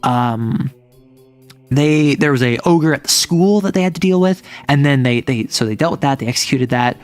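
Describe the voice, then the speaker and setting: A man's voice: mid-range voice, animated, normal speed, clean tone, faint music behind. A man speaking as a game master, casually recapping his tabletop campaign in a rambling way full of "like"s and restarts.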